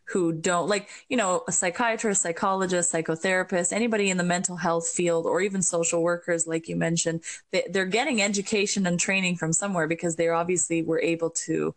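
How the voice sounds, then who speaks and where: Low-voiced woman hosting a chat. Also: steady tone, a little fast, hardly any pauses. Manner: thoughtful, rambling, encouraging. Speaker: podcast host, birth doula. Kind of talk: casual conversation.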